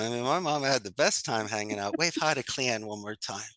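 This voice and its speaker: A man's voice: mid-range voice, lively intonation, fairly quick, bright, forceful tone, dry recording. A man talking as an interview guest about running his business and giving motivational advice, with an enthusiastic, coaching manner. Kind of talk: casual interview chat.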